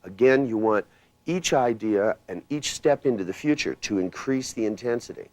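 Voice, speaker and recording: A low-pitched man teaches a live hypnosis workshop in an emphatic, commanding way, pushing his voice up and down to show how commands should sound. His delivery is blunt and casual, with the odd swear word. The sound is close and dry. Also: lively intonation, normal speed, no echo. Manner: emphatic, commanding, swings pitch and loudness to demonstrate. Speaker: hypnosis trainer.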